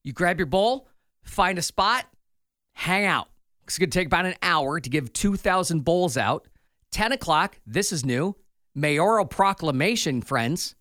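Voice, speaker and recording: A man's voice: fairly high pitch, unhurried, no echo, clean studio sound. A man co-hosting a morning radio show, reading quirky news and chatting playfully with his co-host. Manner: playful, animated delivery. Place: radio studio.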